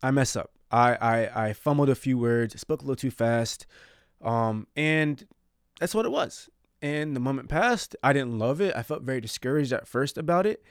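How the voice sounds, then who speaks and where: A man's voice: mid-range voice, expressive, normal speed, clear, resonant tone, no echo. Guy doing a faith podcast solo, earnest and rambly, mid voice, dead dry mic. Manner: earnest, rambling, self-reflective. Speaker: podcast host.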